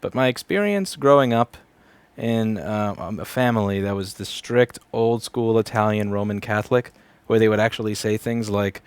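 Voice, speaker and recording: A man's voice: lowish voice, lively intonation, moderate pace, darkish tone, smooth, no echo. A man in his thirties, a repair technician, chats casually and sardonically on a livestream, rambling and swearing freely. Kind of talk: casual livestream chat while working. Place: repair shop.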